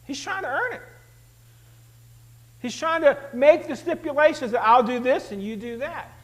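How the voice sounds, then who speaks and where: Male pastor, very high voice, conversational animated sermon delivery. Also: moderate pace, poor audio. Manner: animated, conversational, rhetorical questions to the congregation.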